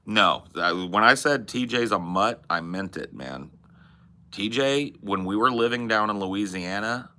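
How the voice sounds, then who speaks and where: A man's voice: fairly low pitch, sharp tone. A man with a Californian accent hosting a podcast, chatting loosely with casual swearing and lots of "bro" and "man". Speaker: podcast host.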